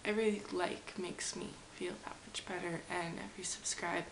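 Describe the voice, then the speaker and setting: A woman's voice: fairly low pitch, steady tone, normal speed. Rambling young woman from Canada. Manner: rambling, self-deprecating, often drops to a whisper. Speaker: vlogger. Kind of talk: casual rambling to camera. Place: game room at home. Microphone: camera mic. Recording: echoey room with faint hiss.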